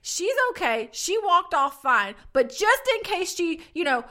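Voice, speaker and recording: Woman, 30s, casual storyteller, lively swooping voice, laughs a lot. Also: extremely high pitch, measured pace. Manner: animated, laughing often, acts out quotes. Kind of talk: casual chat.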